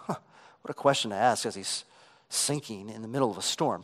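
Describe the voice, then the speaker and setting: A pastor preaching a sermon, swinging between emphatic passages and hushed, quiet ones. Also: male voice, on the low side, fairly quick.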